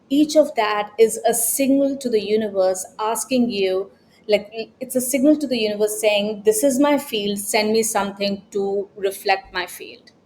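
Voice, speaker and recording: A woman's voice: on the high side, a little mellow, a little hiss or hum, low-quality recording. A woman self-help coach talking in a motivational vlog, earnest and asking pointed rhetorical questions.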